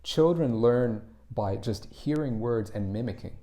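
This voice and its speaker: A man's voice: medium pitch, measured pace, dark tone. A man explaining English pronunciation in a casual spoken lesson, often restarting and repeating words as he thinks.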